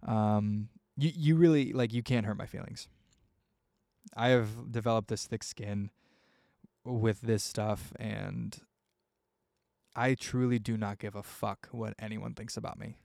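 Young male podcaster, gravelly, low-pitched, loose heartfelt ramble with fillers. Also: fairly even intonation, a little slow, a little mellow, no echo, clean studio sound. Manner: rambling, heartfelt, swears freely, many fillers. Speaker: podcast host. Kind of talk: casual solo podcast talk.

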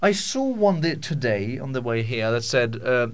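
A man's voice: mid-range voice, big pitch swings, normal speed. A man hosting a podcast, ranting casually in a jokey, mock-indignant way, rambling with many restarts and stammered repeats. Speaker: podcast host. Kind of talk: casual comic rant.

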